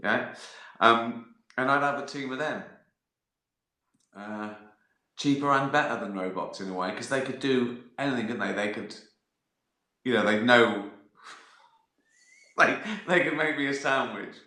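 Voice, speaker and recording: A man's voice: medium pitch, moderate pace, pauses often, bright, forceful tone. A man hosting a casual livestream, rambling through viewer questions with lots of fillers, restarts and casual swearing. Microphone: phone or laptop livestream. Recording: roomy echoey sound.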